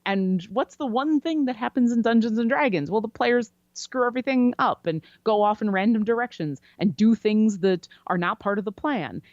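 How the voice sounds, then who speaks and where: A woman guest on a podcast, chatty and animated as she tells a story about a game. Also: on the high side, moderate pace, hardly any pauses, no echo. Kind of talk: casual storytelling interview. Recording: dry, slightly dull lo-fi sound.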